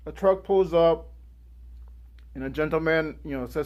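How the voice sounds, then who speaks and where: High-voiced man telling a story slowly. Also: highs cut off. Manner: animated, acts out the people in his story. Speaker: guest speaker. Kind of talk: storytelling speech.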